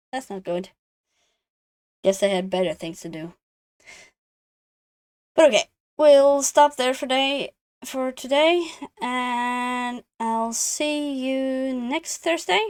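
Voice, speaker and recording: Slow-talking woman streamer. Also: fairly high pitch, clean tone. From Norway. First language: Norwegian. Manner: chatty, amused, thinks aloud with fillers. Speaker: game streamer. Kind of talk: casual stream commentary.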